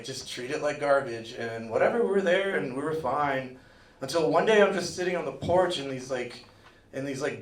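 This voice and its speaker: Brief: laid-back man telling a rambling story at a live event, a bit high voiced, distant in a roomy hall. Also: pushed and bright. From Miami, USA. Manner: rambling, loose, full of "like" fillers. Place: museum event room, live audience. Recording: echoey room, far from mic.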